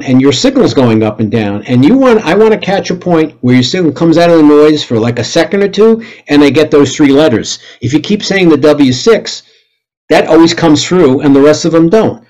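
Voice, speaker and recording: A middle-aged man talks to a club audience in a fairly high voice. He is blunt and full of jokes. Now and then he bursts out loud as he acts out calls on the air. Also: rough recording. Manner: blunt, joking, acts out radio calls with sudden loud outbursts. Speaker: club presenter. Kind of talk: lively presentation talk.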